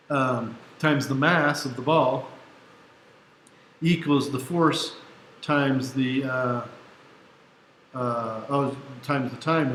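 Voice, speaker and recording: A tired male teacher talks to his class in a mid-pitched voice, laughing easily and restarting his sentences as he goes. The room is echoey, with a faint hum of ambience behind him. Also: fairly bright tone. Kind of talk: classroom lecture with anecdote.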